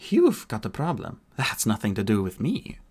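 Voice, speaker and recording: A man voicing a young, ancient warrior woman with a soft Irish lilt, curt and dry in a storybook audiobook. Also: lowish voice, wildly swooping pitch, moderate pace, slightly rough, heavily acted. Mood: dismissive. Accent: Irish, put on.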